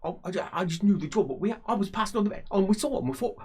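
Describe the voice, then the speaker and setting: A man voicing a panicky male thug who stammers, swears and yells in a high, strained voice. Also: lively intonation, racing, breathy edge. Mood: panicked. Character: panicky male thug, shrill when scared.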